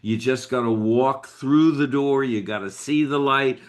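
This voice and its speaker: Animated older male business storyteller. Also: measured pace. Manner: animated storyteller with big pitch swings. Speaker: guest, business leader. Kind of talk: storytelling interview.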